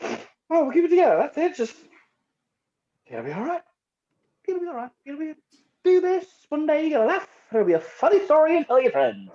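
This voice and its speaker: A woman's voice: high voice, very animated, fairly quick, long pauses, warm tone, muffled recording. A woman playing a frantic drugged man. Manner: frantic, talking to himself. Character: panicking drugged male solicitor. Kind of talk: amateur script reading.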